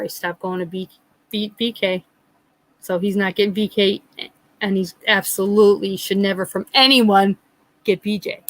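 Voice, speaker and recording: A middle-aged woman hosting a live chat, telling a funny story in a lively, laughing way. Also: mid-range voice, no room sound, poor audio. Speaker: livestream host.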